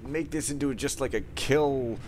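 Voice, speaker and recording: A man's voice: mid-range voice, normal speed, a little mellow, a little hiss or hum. A young man giving casual gameplay commentary, ranting and easily frustrated, with outbursts and musing. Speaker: let's play gamer.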